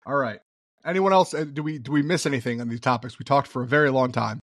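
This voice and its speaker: A man hosting a casual podcast over a call, steering the talk and reacting quickly. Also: medium pitch, no echo, studio quality. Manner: moderating, quick reactions, laughs easily. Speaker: podcast host. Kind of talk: casual chat.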